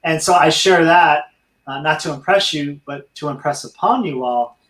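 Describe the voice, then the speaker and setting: A man's voice: on the high side, moderate pace, a bit bright, reverberant, rough recording. A middle-aged man, a veteran and dog trainer, telling his life story in an interview and speaking earnestly to listeners. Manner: earnest, addresses listeners as friends.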